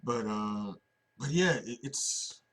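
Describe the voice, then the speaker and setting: A man's voice: medium pitch, expressive, takes it slowly, a bit bright. A man hosting a solo wrestling podcast, talking casually and rambling with many restarts and fillers. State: sleepy, yawning.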